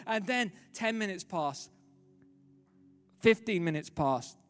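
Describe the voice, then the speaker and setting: A pastor, preaching a sermon in a dramatic storytelling way, swinging from loud to hushed. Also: male voice, fairly high pitch, clear, resonant tone. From London, England. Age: 30s. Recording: reverberant hall, faint music.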